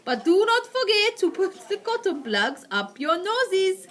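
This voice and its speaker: A woman voicing a cruel, imperious female witch leader who shouts her commands. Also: sits high, voice pushed up, full character voice.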